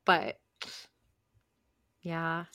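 Lower-voiced woman reacting with quick quips. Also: monotone, pushed and bright, clean tone. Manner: reactive listener, gasps and quick teasing remarks. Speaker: podcast co-host. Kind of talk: casual chat.

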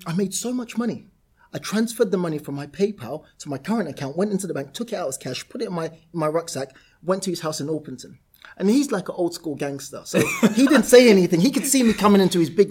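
A man's voice: high voice, expressive, fast talker, darkish tone, breathy edge. A man, a property entrepreneur, telling anecdotes in a casual interview and laughing through them. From South-East London, England.

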